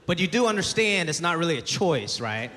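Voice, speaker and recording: A man's voice: on the high side, big pitch swings, fairly quick. A man in his thirties doing a stand-up comedy set in a conversational way, acting out the people he quotes. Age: 30s. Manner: conversational, acts out quoted voices. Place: comedy stage before a live audience. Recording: live venue with long reverb, audience noise.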